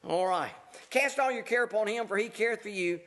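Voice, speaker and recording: Speaking briskly in a high, somewhat bright voice, this pastor reads out scripture and unpacks it in a conversational sermon. His explanations are full of fillers and restarts.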